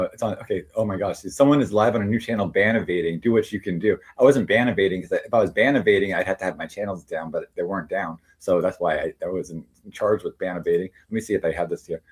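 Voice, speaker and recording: A man's voice: sits low, breathy edge. A man chatting casually on a livestream, rambling with many fillers and restarts. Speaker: streamer.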